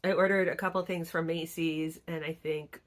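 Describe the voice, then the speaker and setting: A woman's voice: deep voice, flat delivery, normal speed. A middle-aged woman vlogger telling stories in casual chat, acting out the people she quotes. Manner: chatty storytelling, acts out quoted people.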